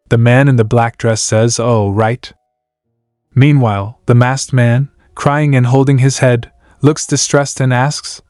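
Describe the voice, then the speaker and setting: A man's voice: medium pitch, a little slow, darkish tone, no echo. A man narrating a comic story and reading every character's lines himself, sound words included, in a dry close recording with faint music behind.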